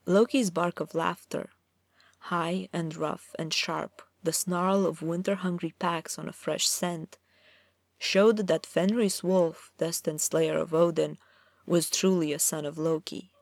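A woman's voice: on the low side, fairly even intonation, slow pace, vocal fry, no echo. A woman narrating a dramatic fantasy story aloud, reading expressively.

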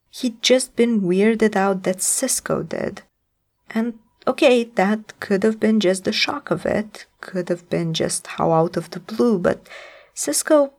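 A woman narrating fiction aloud, lingering over phrases in an expressive storytelling manner. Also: mid-range voice, vocal fry.

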